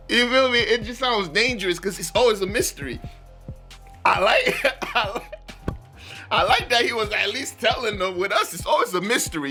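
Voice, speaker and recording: A man's voice: high voice, big pitch swings, a little fast, bright, forceful tone, faint music behind. A man hosting a reaction video, talking in a laid-back, slangy way and laughing often. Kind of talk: casual chat.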